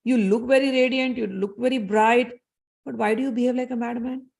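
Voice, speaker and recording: A woman's voice: on the high side, fairly even intonation, fairly quick, vocal fry, darkish tone. A woman voicing a male warrior sage who earnestly questions a stranger.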